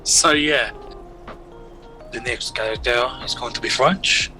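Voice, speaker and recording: A man's voice: mid-range voice, slow, sharp tone, faint music behind, poor audio. A man chatting casually on a voice call with his gaming group, rambling with plenty of fillers and restarts. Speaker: player in a group game stream.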